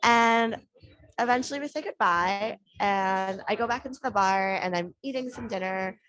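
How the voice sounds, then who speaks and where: A woman's voice: mid-range voice, normal speed. A woman telling a story on a podcast, acting out the lines of the people she quotes. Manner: animated, acts out quoted dialogue. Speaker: podcast guest. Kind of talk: casual storytelling.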